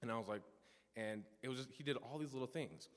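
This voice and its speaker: A man's voice: mid-range voice, fast talker. A young man in his teens gives an earnest personal testimony in a church service, telling stories with frequent restarts and asides. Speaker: youth speaker giving a testimony. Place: church sanctuary. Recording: long church reverb.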